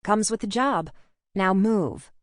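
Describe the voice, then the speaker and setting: A woman doing a brisk, unflappable policewoman. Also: mid-range voice, no room sound, studio quality, natural voice. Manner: brisk, matter-of-fact.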